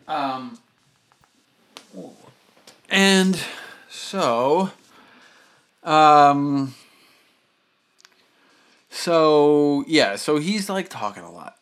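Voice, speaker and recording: A man telling a casual story on a podcast, rambling with lots of fillers and animated retellings. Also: a little high, extremely slow, pauses often, clear, resonant tone. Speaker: podcast host.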